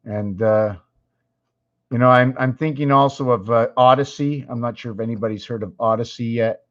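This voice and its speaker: A man's voice: medium pitch, fairly even intonation, normal speed. A man hosting his own casual video, distracted and thinking aloud, repeating himself as he clicks around. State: losing his voice. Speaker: channel host. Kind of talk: rambling casual livestream talk. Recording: dull lo-fi recording.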